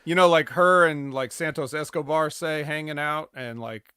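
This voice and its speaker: A man's voice: on the high side, normal speed, sharp tone, clear, resonant tone, no room sound, studio quality. A man co-hosting a wrestling podcast, rambling storyteller who drifts between thoughts. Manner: rambling, many "like" fillers and restarts. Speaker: podcast co-host. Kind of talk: casual wrestling podcast chat.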